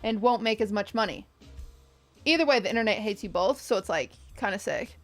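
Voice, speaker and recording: A woman's voice: mid-range voice, animated, brisk, soft background music. A young woman streamer giving casual, rambling commentary while reacting to a video with her chat. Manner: chatty, rambling with restarts and asides to chat.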